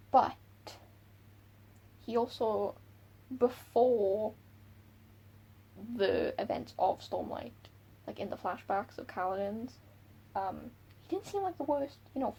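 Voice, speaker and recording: A woman book vlogger chatting casually and excitably about characters she loves and hates. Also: on the high side, gravelly, husky, rough recording. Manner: gushing, excitable, quick laughs. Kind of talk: casual chat.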